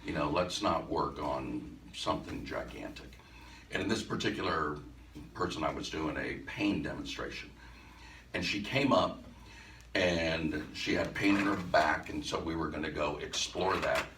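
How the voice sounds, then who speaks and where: The storyteller here is a hypnosis instructor whose rumbling low voice has a slight brightness and moves a little slowly. Recounting something from a class to a live event-room audience, he keeps it conversational, restarting often and voicing the dialogue himself. Faint noise, room echo, and a distant mic shape the recording.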